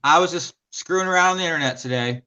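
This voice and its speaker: A man co-hosting a casual film chat, joking with quick asides. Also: fairly high pitch, pushed and bright, clean tone. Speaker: podcast co-host.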